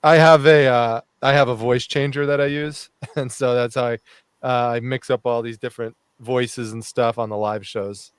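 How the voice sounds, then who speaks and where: A man's voice: medium pitch, fairly even intonation, moderate pace, clear, resonant tone, dry recording. A man who is a reselling YouTuber, telling a story on a live chat show in a reflective way, with frequent fillers. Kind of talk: casual storytelling.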